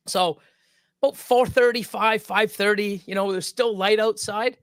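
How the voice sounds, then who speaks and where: A man's voice: high-pitched, expressive, normal speed, fairly bright tone, dry recording. A man co-hosting a live stream, telling a story in casual chat, rambling and swearing freely with lots of stops and restarts. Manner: rambling and profane, with many restarts.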